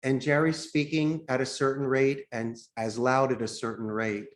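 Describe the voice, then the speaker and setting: A man on a podcast teaching phone sales, his voice sitting at an ordinary middle pitch. He talks like a coach, jumping into little acted-out phone calls to show each technique. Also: little pitch movement, moderate pace. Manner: acts out sample phone calls as he explains. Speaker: call center founder, podcast guest.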